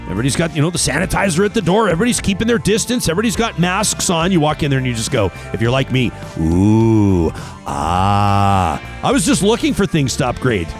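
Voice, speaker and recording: Male talk host, animated and joking, fairly high voice, studio feel with light music bed. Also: racing, hardly any pauses. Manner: animated, jokey, laughs often. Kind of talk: casual talk radio chat.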